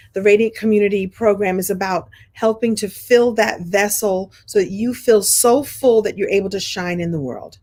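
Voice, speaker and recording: A middle-aged woman from Brooklyn with congested sinuses, telling a story to her program group in an animated, chatty way, clearing her throat often. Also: mid-range voice. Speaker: host of a coaching program. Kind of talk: casual storytelling to an online group.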